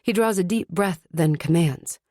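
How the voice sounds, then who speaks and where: A woman's voice: lowish voice, a little slow, dark tone, no room sound, clean studio sound. A woman narrating a fantasy audiobook in the first person, tense and urgent. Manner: tense, urgent inner monologue.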